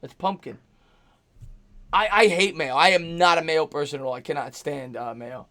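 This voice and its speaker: A hoarse man hosting a live sports stream, calling plays and thanking chat donors. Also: fairly high pitch, normal speed, bright, forceful tone. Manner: upbeat, reads out super chats and calls plays. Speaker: host. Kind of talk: live play-by-play stream with chat shout-outs.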